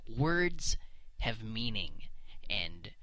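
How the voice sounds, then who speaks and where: A man's voice: on the low side, big pitch swings, drawn-out words, bright, forceful tone, dry recording, poor audio. A man giving an unscripted, blunt, emphatic opinion monologue into a microphone. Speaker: solo commentary host. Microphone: desk microphone.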